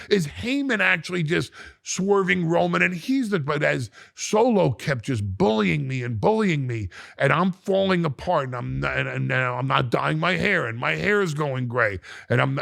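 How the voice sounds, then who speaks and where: A man's voice: on the high side, creaky, fairly bright tone, no echo, clean studio sound. A middle-aged man, a podcast guest, telling a story dramatically, repeating words and restarting as he acts out what people said. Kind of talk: animated storytelling in an interview. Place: podcast studio.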